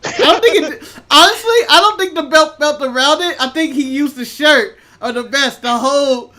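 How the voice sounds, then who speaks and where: A man chatting casually as co-host of a watch-along, reacting excitably and laughing often. His voice is strongly bright and forward. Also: extremely high pitch, moderate pace.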